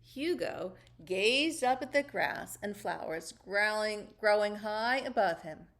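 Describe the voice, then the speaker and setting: A woman reading a children's storybook aloud in an expressive, sing-song way. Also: mid-range voice, takes it slowly.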